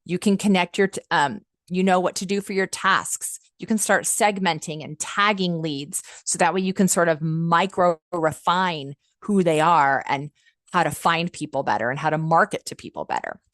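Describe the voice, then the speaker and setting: Woman, customer success manager, webinar trainer, enthusiastic and chatty, lowish voice, dry close sound. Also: normal speed, a bit bright, no echo. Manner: frequent "like" and "um" fillers.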